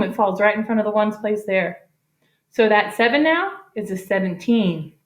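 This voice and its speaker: A woman's voice: medium pitch, normal speed. A middle-aged woman teacher giving a playful, upbeat math lesson to children from her home garage, filmed at a whiteboard. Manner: upbeat, playful, talks to kids. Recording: echoey garage.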